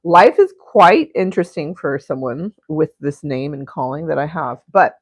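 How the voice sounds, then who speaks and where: A woman's voice: deep voice, lively intonation, normal speed, a little hiss or hum. A young woman hosting an art livestream, chatting casually and crudely while she paints, rambling and giggling between topics.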